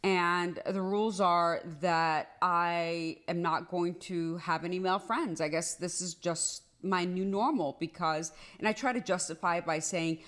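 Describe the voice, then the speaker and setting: A woman telling a personal story in a casual storytime monologue, animated and rushed, often restarting and filling with "like". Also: fairly low pitch. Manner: animated, rushed, repeats herself with many "like"s.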